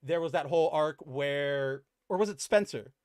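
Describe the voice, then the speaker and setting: A man co-hosting a casual comic book podcast, animated and acting out characters' lines as he recaps. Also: on the high side, moderate pace, smooth, no echo, studio quality. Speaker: podcast co-host.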